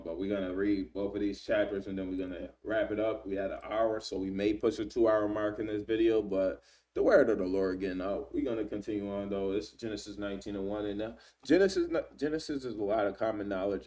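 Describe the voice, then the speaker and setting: Man, low voice, casual Bible study, slangy paraphrase, a bit far from the mic. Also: fairly even intonation, a little fast, warm tone. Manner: reads scripture then paraphrases in slang, frequent "right?". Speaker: Bible teacher.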